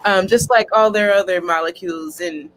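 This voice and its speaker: A young woman co-host explaining science in a soft, slow, whispered role-play voice over a video call. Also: medium pitch, a little hiss or hum. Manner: soft, slow, teacherly ASMR-style explaining.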